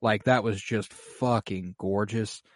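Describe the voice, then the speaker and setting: Man, casual podcast chat, excitable, swears a lot, filler-heavy, dry close mic. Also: fairly low pitch, takes it slowly, no echo. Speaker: podcast co-host recapping an episode.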